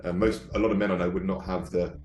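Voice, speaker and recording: A man's voice: sits low, little pitch movement, fast talker, a little mellow, reverberant, faint music behind. A man, a founder, chatting candidly and reflectively on a podcast. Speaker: startup founder guest. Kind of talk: casual podcast chat.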